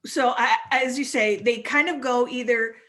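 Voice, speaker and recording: Brief: woman in her 40s, a guest coach who talks lively and chatty, pitched a bit high. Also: normal speed. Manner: animated, acts out little voices while explaining. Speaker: family stress coach, guest speaker. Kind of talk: conversational talk.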